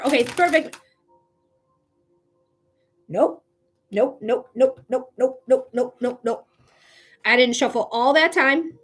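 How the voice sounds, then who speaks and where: A young woman doing a live-stream tarot reading, chatty and casual, swearing freely, laughing often and talking straight to her viewers. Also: fairly high pitch. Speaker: psychic tarot reader.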